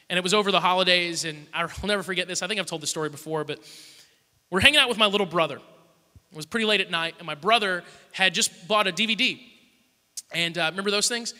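A man's voice: high voice, sharp tone. A man in his thirties preaching a sermon, telling a funny family story to his church. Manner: storytelling with humor. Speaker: pastor. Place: large church hall. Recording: long hall reverb.

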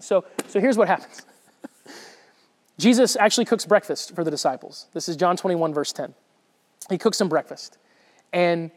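A man's voice: high voice, long reverb tail. A man giving a conversational sermon, retelling a Bible story with frequent restarts and repeated words. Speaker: preacher.

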